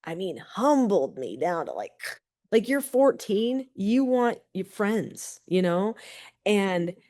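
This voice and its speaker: A middle-aged woman, a parenting expert, telling personal stories as a guest in a podcast interview, animated and full of "like" and "you know". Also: mid-range voice, slow pace. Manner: animated storyteller, many fillers like "like" and "you know".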